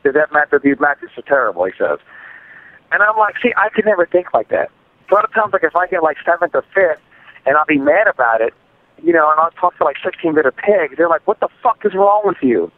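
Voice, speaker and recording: A man's voice: on the high side, animated, fast talker. A man in a casual gaming podcast chat, heated and ranting about a fighting game. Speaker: podcast guest. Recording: tinny phone-like line.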